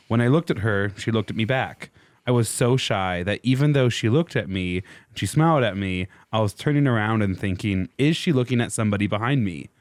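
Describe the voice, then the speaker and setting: A man's voice: on the low side, dry recording, natural voice. A man reading aloud the words of a shy young Italian man, in his own plain voice.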